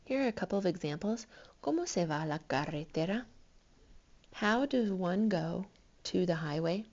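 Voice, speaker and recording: A woman's voice: lowish voice, animated, normal speed, a little mellow, dull audio. A woman teaching a recorded Spanish lesson to her students, patient and explanatory, counting syllables aloud.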